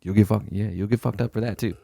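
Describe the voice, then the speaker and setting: A young man with a very low, deep voice who talks quickly, recorded close and dry. He co-hosts a casual podcast, spinning animated stories full of swearing and acting out the people he quotes. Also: gravelly, no echo. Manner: animated storyteller, swears freely, acts out quoted superiors. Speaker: podcast co-host. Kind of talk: casual chat, storytelling.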